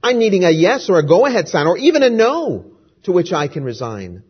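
A weary, indignant man cries out for a reply, his husky voice pitched up and straining with urgency, as a preacher acts out a poem. The recording is dull and lo-fi. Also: very animated, fairly quick, heavily acted. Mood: pleading. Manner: urgent, indignant, raised pleading. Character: desperate man pleading with God for answers.

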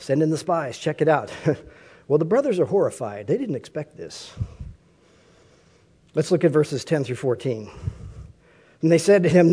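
Male preacher, slightly high mellow voice, conversational sermon with rhetorical questions. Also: big pitch swings, normal speed, pauses often, slightly rough.

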